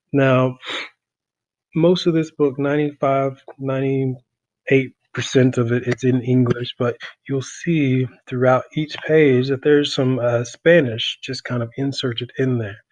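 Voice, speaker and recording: A man teaching a class through a podcast, talking casually with many pauses and fillers. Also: mid-range voice, no echo, highs cut off. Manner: relaxed, many ums and uhs.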